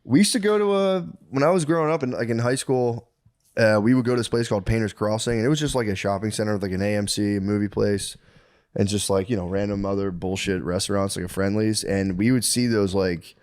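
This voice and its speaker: A man with a lowish voice, recorded dry and close with no room sound, reminiscing loosely about his youth. His talk wanders, padded with "like" and restarts, in a casual podcast chat. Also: quick pace, darkish tone, no room sound. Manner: rambling, filler-heavy reminiscing. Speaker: podcast co-host or guest.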